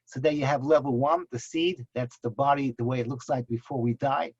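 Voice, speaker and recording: A man's voice: mid-range voice, steady tone, a little fast, a little mellow, dry recording. A man teaching a Torah lecture, impassioned and repeating words for emphasis. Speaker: rabbi teaching a class. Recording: husky voice, dull lo-fi sound.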